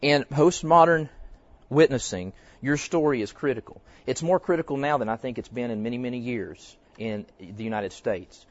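A man's voice: mid-range voice, moderate pace, no echo. A man teaching a class in a conversational way, telling stories and putting questions to his listeners. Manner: conversational, tells stories, quizzes the audience. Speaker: church teacher. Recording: dull, dry lo-fi recording.

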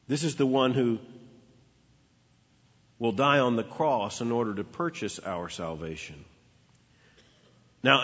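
Male pastor, storytelling sermon voice, husky, heard in a reverberant church hall. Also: mid-range voice. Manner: storytelling preacher, emphatic repetition. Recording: dull lo-fi with long hall reverb.

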